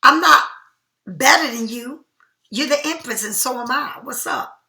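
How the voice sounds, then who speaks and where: Chatty high-voiced tarot reader woman. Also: a little slow, vocal fry, roomy sound. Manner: chatty, animated, slangy. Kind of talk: casual tarot reading.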